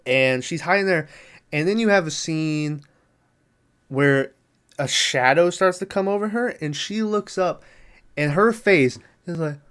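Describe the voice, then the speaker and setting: A man's voice: fairly high pitch, unhurried, a bit bright, smooth. Rambling man recapping a movie. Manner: rambling, filler-heavy, profane, laughs at the film. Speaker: podcast host.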